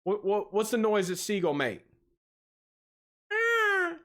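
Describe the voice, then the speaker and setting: This livestream host, a man with a somewhat high voice, reacts to videos and talks casually with his audience at a moderate speed. He teases and stays animated throughout, laughing frequently, and his voice leaps higher when he greets viewers.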